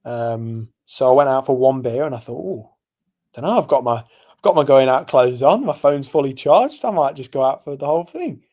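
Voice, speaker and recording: A man's voice: mid-range voice, lively intonation, a little fast, a little mellow. A young man from England rambling through a night-out story on a podcast. His voice sits in a middle register, and he talks loosely, full of fillers and asides. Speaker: podcast co-host. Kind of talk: casual chat.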